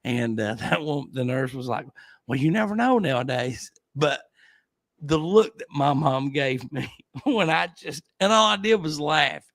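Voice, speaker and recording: A man's voice: a little high, a little slow, fairly bright tone, no room sound. A man hosting a casual livestream chat, telling rambling stories and laughing often. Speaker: podcast host.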